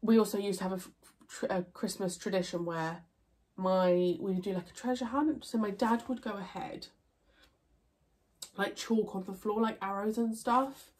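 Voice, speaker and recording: A woman's voice: mid-range voice, fairly even intonation, normal speed, a little mellow. Young woman, congested nasal voice, casual rambling Q&A chat, lots of fillers. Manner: chatty, rambling, with fillers and self-corrections. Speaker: YouTuber answering viewer questions.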